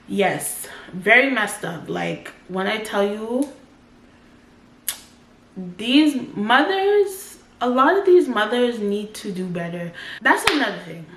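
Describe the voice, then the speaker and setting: A woman's voice: medium pitch, expressive, takes it slowly, a bit bright. Young woman telling a story, roomy echo. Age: 20s. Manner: talks in loose run-on sentences full of "like". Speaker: storytime vlogger. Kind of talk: casual storytelling.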